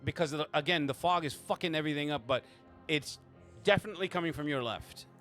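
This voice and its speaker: A man's voice: a little high, quick pace, sharp tone, faint music behind. A man running a tabletop game as game master, casual and swearing, with frequent restarts.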